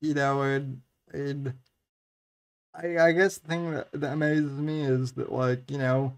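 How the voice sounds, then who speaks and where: A man's voice: medium pitch, flat delivery, unhurried. A man hosting a podcast, asking questions hesitantly and stumbling over his words. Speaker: podcast host. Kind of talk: casual podcast interview.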